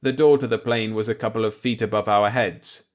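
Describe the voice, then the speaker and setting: Low-voiced male audiobook narrator. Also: steady tone, fairly quick. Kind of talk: first-person novel narration.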